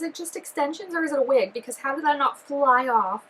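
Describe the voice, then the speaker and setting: A woman chatting excitedly through a reaction video, full of fillers and giggly asides. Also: sits high, fairly quick, a little hiss or hum, poor audio. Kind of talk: casual reaction commentary.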